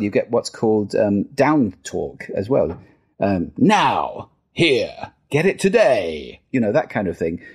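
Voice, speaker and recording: Lively and husky, a middle-aged man from the United Kingdom guests on a podcast interview as a sound and listening expert. He demonstrates as he explains, toying with pitch and register.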